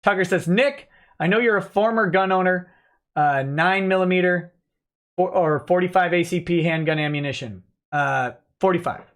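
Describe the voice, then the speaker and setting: A man hosting a relaxed livestream, reading viewer messages aloud and answering them offhandedly. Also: sits high, normal speed. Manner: reads donor messages aloud, chatty and offhand. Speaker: livestream host reading chat. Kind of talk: relaxed live-stream chat.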